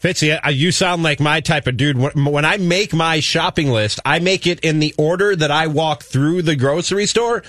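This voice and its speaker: A man's voice: a little high, normal speed, hardly any pauses, a bit bright, no room sound, studio quality. A man chatting casually on a radio show and telling a story with amused humor. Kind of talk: casual chat.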